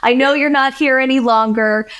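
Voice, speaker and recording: A woman's voice: sits high, fairly even intonation, normal speed, fairly bright tone, smooth. A woman from Pittsburgh hosting a casual podcast interview, effusive and encouraging with her guest. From Pittsburgh, Western Pennsylvania. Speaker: podcast host.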